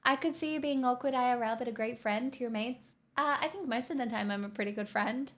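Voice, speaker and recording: A woman's voice: on the high side, fast. Playful woman streamer from the southeastern US. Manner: playful, teasing, reads chat aloud. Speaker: livestream host. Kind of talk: casual chat with viewers.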